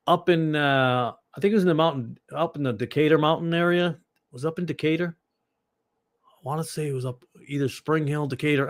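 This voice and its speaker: A man's voice: mid-range voice, dry recording. Rambling man with a Boston accent. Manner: rambling and digressive, with sudden loud outbursts. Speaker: ministry host. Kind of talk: casual livestream chat answering viewers.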